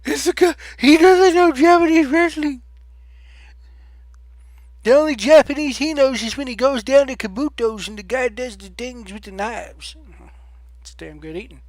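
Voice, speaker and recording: A man mimicking shrill male wrestling fans who shout corrections into their headsets. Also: moderate pace, pauses often, no echo. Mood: whiny. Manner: shouting, whiny, mocking.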